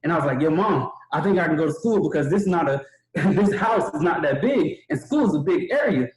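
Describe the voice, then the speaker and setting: A man's voice: a little high, a little fast. A young man telling a motivational story at a training webinar, acting out the voices of the people in it. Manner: animated, acts out quoted voices. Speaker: webinar speaker. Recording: echoey room.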